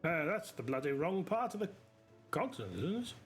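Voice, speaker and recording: A man casually commentating while he plays a video game, excitable, cheering and cursing at enemies. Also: a little high, moderate pace. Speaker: streamer playing a video game. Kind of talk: casual live commentary over gameplay. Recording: loud game music and combat sounds behind.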